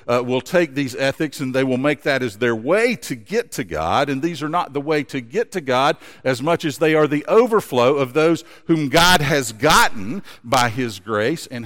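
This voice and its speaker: A pastor preaching a sermon, earnest and story-driven. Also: male voice, medium pitch, fairly bright tone. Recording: long hall reverb.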